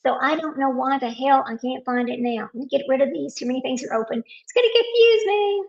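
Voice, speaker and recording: A woman's voice: high voice, brisk, vocal fry, a little mellow, muffled recording. A woman hosting a casual live stream, talking to viewers while searching her computer and getting frustrated.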